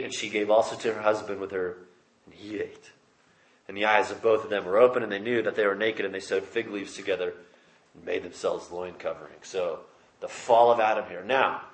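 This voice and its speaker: A man's voice: on the low side, roomy sound. A man preaching a sermon, reading scripture aloud and explaining it with emphatic rises. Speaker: pastor. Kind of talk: expository sermon.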